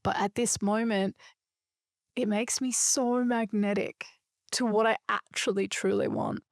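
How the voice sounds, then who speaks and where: A woman's voice: medium pitch, sing-song, measured pace, vocal fry, dry recording, studio quality. A woman hosting a solo podcast, talking in an earnest, emphatic, reflective way. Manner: earnest, emphatic and spiritual, with a few loose swears. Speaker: podcast host.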